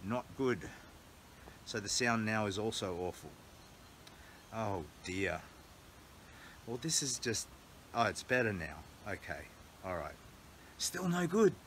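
An Australian man with a very low voice chats on a phone livestream, candid and earnest as he rambles from thought to thought. He is recorded in a small cabin through earbuds or the phone's own mic. A faint ambient hiss sits behind him. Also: slow, pauses often, fairly bright tone, rough recording. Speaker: charity walker livestreaming. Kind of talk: casual livestream vlog. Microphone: earbud mic, then phone mic.

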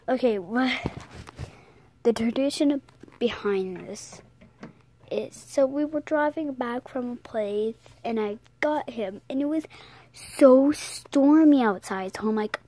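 A woman's voice: fairly high pitch, a little slow, dark tone, slight background noise, poor audio. A young girl losing her voice gives a casual vlog tour of her toy horses, rambling, correcting herself, apologizing and often slipping into a whisper. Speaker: toy horse collector showing her setup.

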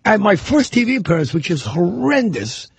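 A middle-aged man from New York with a New York accent, a stand-up comedian guest telling stories on talk radio in a gravelly, raspy voice. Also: high-pitched, moderate pace, no room sound. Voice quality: gravelly, raspy from years of yelling and smoking. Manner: animated storyteller. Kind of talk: casual talk radio chat.

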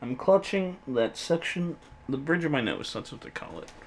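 A man's voice: on the high side, animated, normal speed. A man giving joking, sarcastic commentary while playing a game, swearing often, over a noisy background. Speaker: let's play gamer. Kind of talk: gameplay commentary.

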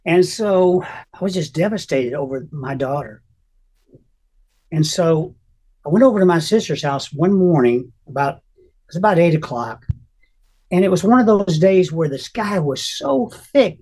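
An older man telling an emotional personal testimony as an interview guest, earnest and halting, often restarting his sentences. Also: on the high side, animated, a little mellow, husky.

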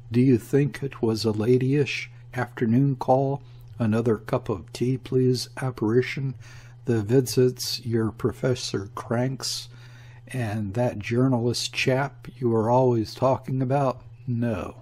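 A man voicing a gruff, overbearing ship's mate who speaks curtly and defiantly, in a storybook reading. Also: mid-range voice, a little mellow. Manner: curt and defiant.

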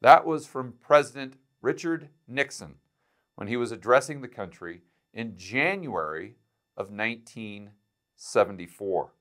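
Male finance video host, mid pitch, sarcastic and punchy, hammering points through repetition. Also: expressive, measured pace, a bit bright. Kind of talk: direct-to-camera economic commentary.

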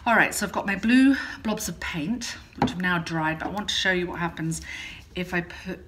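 A woman's voice: lowish voice, moderate pace, background noise. A woman hosting a casual art tutorial, chatting in a rambling way with frequent ums and self-corrections as she demonstrates at home.

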